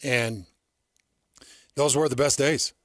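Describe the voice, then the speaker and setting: A man's voice: medium pitch, fairly even intonation, slow pace, no echo. A middle-aged man hosting sports radio, telling stories in an earnest, emphatic way.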